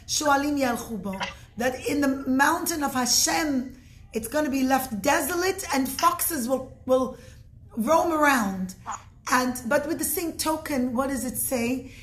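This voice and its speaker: A woman teaching in an informal religious talk, her voice sitting high. She tells her story earnestly and often restarts or corrects herself mid-sentence. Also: slight background noise.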